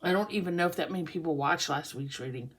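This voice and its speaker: A woman's voice: sits low, fast, a bit bright, slightly rough. A woman doing a casual tarot reading for her channel, chatty and often laughing. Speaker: tarot reader.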